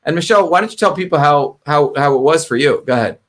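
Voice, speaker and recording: A man's voice: a little high, animated, fast. A middle-aged man hosting a livestream, talking the audience through a clip and checking in with "okay?". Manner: talkative, repeats "okay?" to the audience. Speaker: livestream host. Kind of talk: casual livestream commentary.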